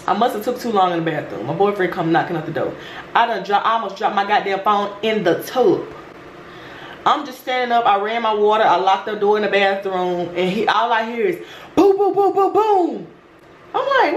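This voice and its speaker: A woman vlogger telling a story in a brash, profane, animated way. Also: medium pitch. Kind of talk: storytime chat. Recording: roomy room with faint noise.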